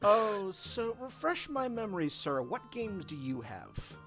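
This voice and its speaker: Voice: mid-range voice, very animated, unhurried, fairly bright tone, faint music behind. A streamer hosting an online board game night, cheerful and playful as they welcome and chat with players. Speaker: streamer and host.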